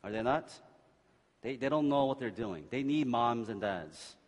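Animated joking pastor in a reverberant hall. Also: male voice, mid-range voice, measured pace. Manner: animated, joking, shifts between shouting exhortation and quiet reading. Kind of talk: sermon.

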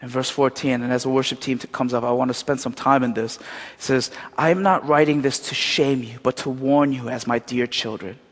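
A pastor giving a sermon in a storytelling way, animated, with many fillers. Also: male voice, mid-range voice, brisk. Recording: long hall reverb.

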